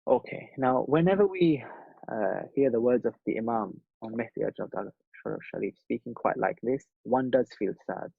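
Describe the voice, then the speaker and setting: A man's voice: mid-range voice, normal speed, gravelly, slightly rough, no room sound, narrow, tinny audio. A man delivering a sermon at a mourning gathering, speaking earnestly with rhythmic repetition. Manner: earnest, rhythmic, repeats phrases for emphasis.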